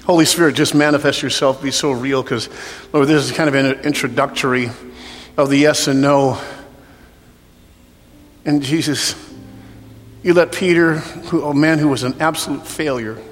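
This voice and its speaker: A man preaching as a pastor, rising to shouts and dropping to a hushed prayer over an altar call. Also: medium pitch, steady tone, normal speed, long pauses. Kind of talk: sermon. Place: church hall. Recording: long hall reverb, soft music behind.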